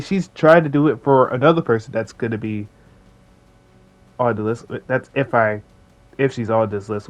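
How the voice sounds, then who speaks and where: A man's voice: mid-range voice, darkish tone. A young man hosting a casual commentary video, rambling with slang and lots of fillers. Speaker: video host.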